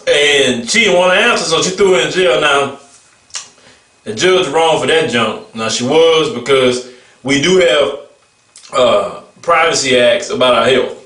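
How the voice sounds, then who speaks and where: A man rants through a casual vlog commentary, blunt and mocking as he laughs at what he describes. His voice sits high for a man. He sounds set back from the mic in an echoey room. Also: measured pace, a bit bright, distant mic. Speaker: vlogger.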